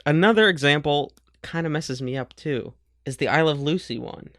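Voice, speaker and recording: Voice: medium pitch, moderate pace, fairly bright tone, no room sound, studio quality. A podcast co-host in casual chat, wry, sarcastic and stubborn.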